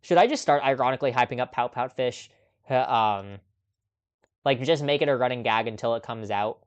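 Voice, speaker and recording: The host of a casual live movie chat stream is a man with a medium-pitched, clean-toned voice at normal speed, though the recording sounds muffled. He talks off the cuff, chatty, laughing often and filling gaps with ums.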